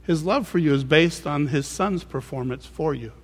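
Male pastor, slightly high voice, emphatic repetitive sermon delivery, long hall reverb. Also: moderate pace, slightly rough. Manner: emphatic, repeats phrases for effect.

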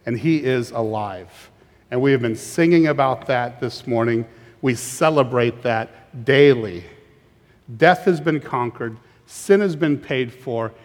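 A man's voice: a little high, in a large hall. A man preaching a sermon as pastor, emphatic and often repeating words as he starts a phrase.

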